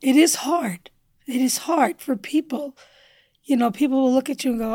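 A woman guest on a podcast telling a personal story with earnest feeling, sometimes dropping to a hushed near-whisper. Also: high-pitched, moderate pace, no echo. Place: indoor studio table.

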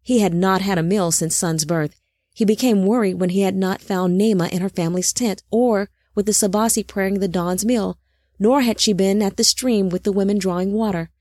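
A woman reading a dark fantasy audio drama as narrator, in a slow and deliberate scripted delivery. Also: medium pitch, no echo, studio quality.

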